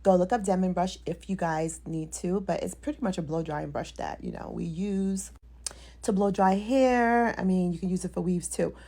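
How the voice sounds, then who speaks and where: A woman's voice: lowish voice, mellow. A woman hairstylist giving her opinion in casual, rambling talking-head commentary. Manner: fast, talkative, rambling.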